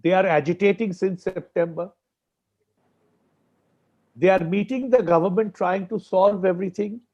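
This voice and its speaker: A man's voice: high voice, normal speed, a little mellow, muffled recording. A man with an Indian English accent, arguing emphatically as a farmers' spokesperson on a panel discussion, repeating key points for stress.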